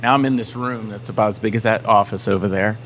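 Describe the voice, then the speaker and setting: Animated storytelling man, faint hum. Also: fairly low pitch, quick pace. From Southern United States. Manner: animated storyteller acting out quotes. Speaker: band member guest. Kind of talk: casual storytelling on a podcast.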